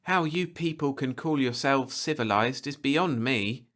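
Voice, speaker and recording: A man reading a storybook aloud, voicing a proud, fiery young frontier woman who talks in a sharp, lecturing way. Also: medium pitch, a little slow, voice pushed up, natural voice. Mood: scolding.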